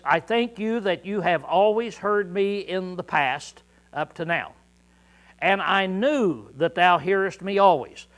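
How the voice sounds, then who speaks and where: A male pastor preaching a sermon in a folksy way, clearing his throat often, repeating words and shouting out quoted lines. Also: high voice.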